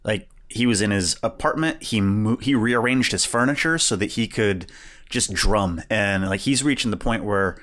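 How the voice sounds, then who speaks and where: Low-voiced laid-back man. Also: normal speed, a bit bright. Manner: laid-back, frequent agreeing interjections. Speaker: podcast co-host. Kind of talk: casual film review chat.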